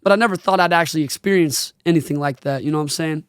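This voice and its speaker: A man's voice: fairly high pitch, rapid-fire, clean tone, no room sound, studio quality. A man in his twenties, a podcast host, telling a personal story in an earnest, casual way with slang, choked up at times. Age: 20s.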